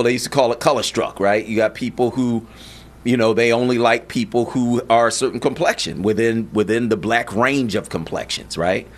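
A man hosting a talk show, chatting in an animated way and often checking in with "you know what I'm saying". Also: mid-range voice. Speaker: podcast host. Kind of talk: casual chat.

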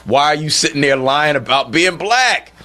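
A man's voice: a little high, animated, normal speed, pushed and bright. A man hosting a call-in radio talk show, speaking emphatically and firing off rhetorical questions.

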